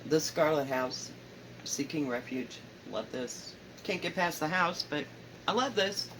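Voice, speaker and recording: A woman with a Southern accent, chatting casually about her stitching at home, rambling, correcting herself and often trailing off softly. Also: low-pitched, animated, measured pace, background noise. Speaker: cross-stitch vlogger. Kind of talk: casual show-and-tell chat. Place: home, indoors.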